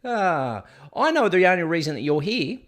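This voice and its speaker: A man's voice: sits high, sing-song, normal speed, a bit bright. A man hosting a casual live stream, chatty and joking, talking back to the clips he plays. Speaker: host.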